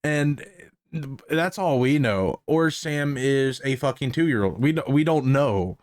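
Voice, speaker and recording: A man's voice: medium pitch, lively intonation, slow pace, darkish tone. A man giving casual reaction commentary on police footage, amused and profane, laughing often.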